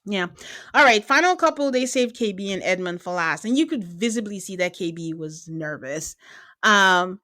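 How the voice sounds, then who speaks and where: Woman podcast host, casual recap, animated, laughs often, medium pitch, dry close sound. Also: moderate pace, no echo. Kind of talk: casual chat.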